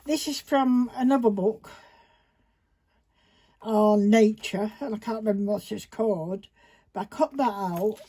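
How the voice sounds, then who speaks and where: With a dark tone and medium pitch, a woman talks at a measured pace with long pauses while casually demonstrating a paper craft project, rambling and talking to herself. She's filmed on a phone camera indoors at a craft table, with faint background noise and crinkling paper.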